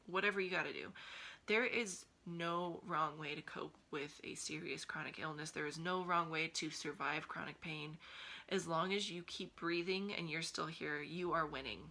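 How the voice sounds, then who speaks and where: Woman vlogger, heartfelt and pleading to camera, bright, lowish voice. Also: brisk, rough recording. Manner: earnest, pleading, encouraging.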